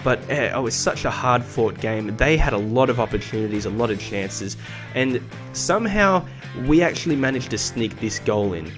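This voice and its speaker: A young man hosting a gaming video, recapping matches in a chatty, excitable way, full of restarts and fillers. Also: mid-range voice, moderate pace. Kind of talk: game commentary, recapping and playing live. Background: background music.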